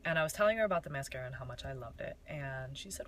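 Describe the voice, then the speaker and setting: A woman's voice: extremely low pitch, lively intonation, racing, a bit bright, slight background noise, low-quality recording. A young woman from Michigan telling her network marketing story in a casual, candid way, with frequent fillers.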